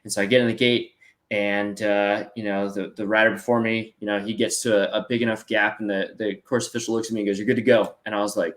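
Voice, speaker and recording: A man's voice: on the low side, quick pace. Young man telling a story. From United States. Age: 20s. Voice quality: animated, acts out voices in his story, many fillers like "dude" and "like". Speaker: interview guest, para snowboarder. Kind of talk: casual storytelling.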